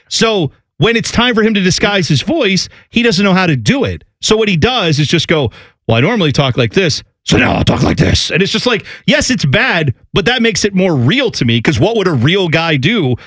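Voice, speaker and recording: A middle-aged man co-hosting a casual chat, rambling and animated as he tells stories. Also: high-pitched, no echo, clean studio sound. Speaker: podcast co-host.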